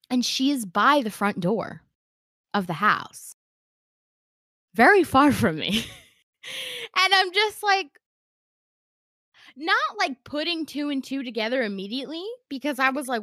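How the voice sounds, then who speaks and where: A woman's voice: sits high, a little slow, pauses often, no room sound, studio quality. A woman telling a story in casual chat, acting out the quoted lines with lots of "like" fillers. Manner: animated, acts out quoted dialogue, many "like" fillers.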